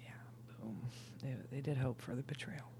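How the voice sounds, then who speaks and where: A tipsy woman doing a casual, rambling tarot reading, swinging between loud outbursts, laughter and whispers. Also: extremely low pitch, steady tone, normal speed, noisy background. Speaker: tarot reader.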